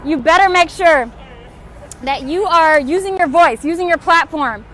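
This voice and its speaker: Streaming from her phone beside a street, with faint traffic and honks in the background, a young woman in a very high voice makes urgent, repetitive calls to action. She sounds frustrated and tired, speaking a little slowly in a pushed, bright tone as her impassioned appeals continue.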